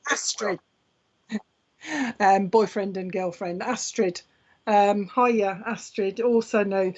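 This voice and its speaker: A woman's voice: medium pitch, muffled recording. Chatty woman greeting viewers. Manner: chatty, greets viewers by name, laughs often. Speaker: medium hosting live online readings. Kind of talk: casual live-stream chat. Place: home room.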